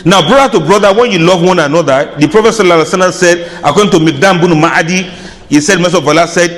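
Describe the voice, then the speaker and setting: Male lecturer, high-ish voice, jokey and chatty, long hall reverb. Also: animated, fast. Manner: humorous, chatty asides, laughs at own jokes. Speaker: Islamic lecturer. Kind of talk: lecture to an audience.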